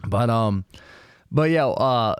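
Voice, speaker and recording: A man's voice: medium pitch, lively intonation, takes it slowly, clean tone, dry recording, clean studio sound. A young man co-hosting a podcast, telling stories in a rambling, profane way and acting out the people he quotes. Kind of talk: casual storytelling chat.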